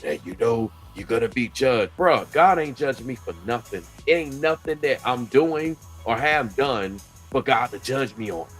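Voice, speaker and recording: A man's voice: mid-range voice, lively intonation, normal speed, few pauses, a bit bright, soft background music. A man hosting a casual chat, speaking earnestly about scripture and faith. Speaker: host of a faith-based talk channel.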